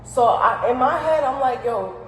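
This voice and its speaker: A young woman with a New York accent telling a profane, animated storytime, full of slang. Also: on the high side, moderate pace, echoey room, in a large hall, over loud music, poor audio. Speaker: vlogger. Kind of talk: casual storytime.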